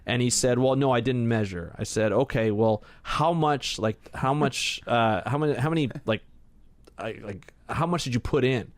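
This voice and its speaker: A man's voice: mid-range voice, moderate pace, no echo. A man, a marine biologist guest, casually telling a story on a podcast and acting out the people in it. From Canada. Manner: animated storyteller, acts out quotes.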